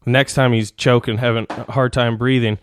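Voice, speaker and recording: A man's voice: mid-range voice, little pitch movement, normal speed, a little hiss or hum. A man hosting a podcast, telling rambling, foul-mouthed stories in casual chat. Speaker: podcast host.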